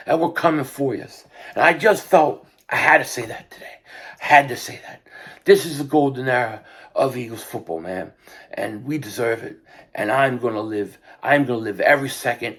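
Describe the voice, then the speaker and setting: An older man giving an impassioned sports fan rant, repeating himself and building to shouts. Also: mid-range voice, slightly rough. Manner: fervent, repetitive, rising to shouts. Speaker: sports vlogger.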